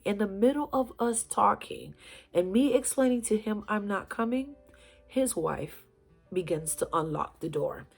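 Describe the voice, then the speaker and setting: A woman's voice: medium pitch, a little slow, creaky, faint music behind. Chatty woman telling a storytime tale. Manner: chatty, animated, addresses viewers as "y'all". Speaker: storyteller, channel host. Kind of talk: casual storytime vlog.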